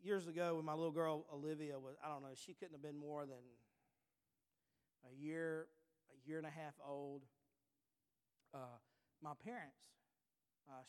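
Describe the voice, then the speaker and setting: In a church sanctuary with long hall reverb, a thirties-aged pastor delivers his sermon in a slightly high, smooth voice. His intonation stays fairly even at a normal speed, and he pauses often. Earnestly, he repeats questions and checks in with "all right."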